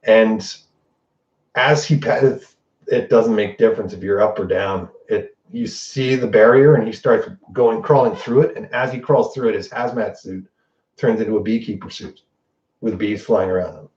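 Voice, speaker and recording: Male podcast host, mid-pitched, rambling spoiler recap with curses, recorded off-mic in a roomy space. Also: recorded from a distance, dull audio. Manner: excited, profane retelling with quick quoted lines.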